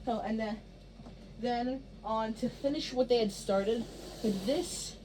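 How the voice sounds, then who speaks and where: Woman, director type, rambling blocking notes, slightly high voice, faint background noise. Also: takes it slowly. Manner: rambling, filler-heavy, restarts often. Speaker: stage director. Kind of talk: casual rehearsal instructions.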